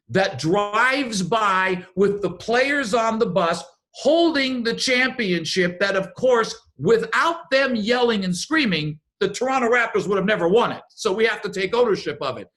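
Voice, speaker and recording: A man coaching a business team, giving a motivational talk and telling stories in an animated way. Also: high voice, a little slow. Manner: animated storyteller, acts out what others said.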